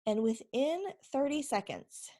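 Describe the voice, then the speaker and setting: A woman's voice: high-pitched, animated, measured pace, dark tone. A woman who is a homeschooling mother gives a chatty, casual teaching talk to camera, often checking in with her listeners. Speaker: essential oils presenter.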